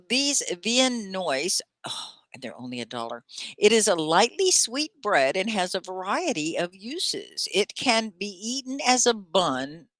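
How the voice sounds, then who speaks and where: Reading viewers' comments aloud with animated enthusiasm, a woman from Texas hosts a live online English lesson. Her voice is low, and the recording is dry.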